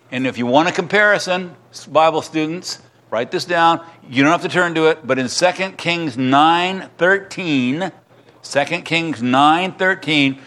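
A man's voice: a little high, fairly bright tone. A middle-aged man preaching a sermon as pastor in a church, acting out crowd cries and restarting his sentences.

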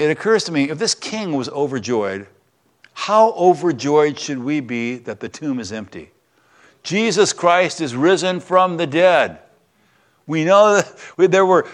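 A man preaching a sermon in a conversational, storytelling way, with joking asides. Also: on the high side. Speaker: pastor.

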